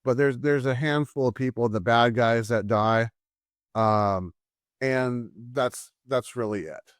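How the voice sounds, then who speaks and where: A man's voice: medium pitch, slow pace, no room sound, clean studio sound. A man at home co-hosting a casual movie-review show, easygoing and repeating words as he thinks aloud. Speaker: podcast co-host.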